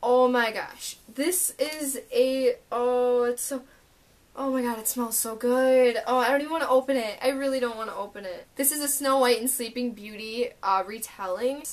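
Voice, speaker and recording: Young woman, excitable, gushing book vlogger, slightly high voice, casual unboxing chat. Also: moderate pace. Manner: gushing, excitable, lots of "oh my gosh".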